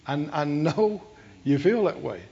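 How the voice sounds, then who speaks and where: A man preaching a storytelling sermon that draws call-and-response from the congregation, with slow, drawn-out phrases that build into shouted chanting. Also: a little high, lively intonation, breathy edge, highs cut off.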